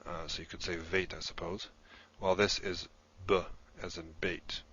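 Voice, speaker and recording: A man's voice: low-pitched, flat delivery, normal speed, a bit bright, slightly rough, highs cut off. A man giving a recorded lesson, explaining patiently step by step while he writes things down. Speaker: instructor in a played lesson video.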